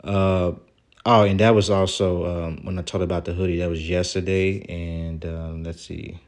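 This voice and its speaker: A man with a very low voice vents to his camera about a falling-out. His talk wanders and doubles back, aggrieved and loose, with casual swearing. It sounds like a personal vlog monologue. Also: little pitch movement, normal speed. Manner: rambling and aggrieved, with casual profanity. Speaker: vlogger. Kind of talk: venting vlog monologue reading out texts.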